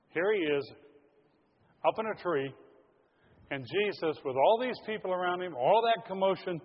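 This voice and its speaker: A man's voice: medium pitch, slightly rough. A man preaching a sermon to his congregation, earnest and direct, calling them folks. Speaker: pastor. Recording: lo-fi audio in a large reverberant hall.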